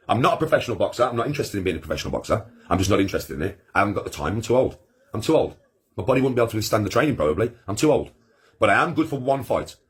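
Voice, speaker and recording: A man's voice: mid-range voice, slightly rough. A middle-aged man chatting on a live stream, boastful, crude and rambling, laughing often. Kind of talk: boastful casual chat with friends.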